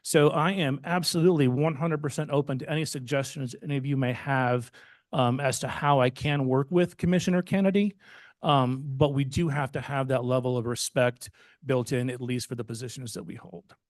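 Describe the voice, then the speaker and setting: A man who is village manager, speaking at a commission meeting in a measured, deliberate and slightly defensive way. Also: medium pitch, fairly even intonation, dry recording, clean studio sound. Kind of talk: formal public meeting remarks.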